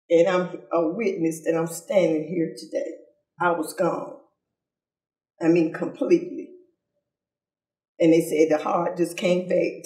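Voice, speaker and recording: An older woman gives an emotional personal testimony about her father, halting and tearful, often repeating herself. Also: on the low side, a little mellow. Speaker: daughter of a civil rights leader. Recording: roomy sound from far off.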